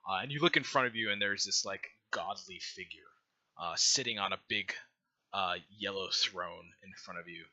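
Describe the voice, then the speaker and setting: A man's voice: sits low, moderate pace, bright, forceful tone, highs cut off. A man narrating a tabletop game as game master, loose and casual and full of "like" and "uh".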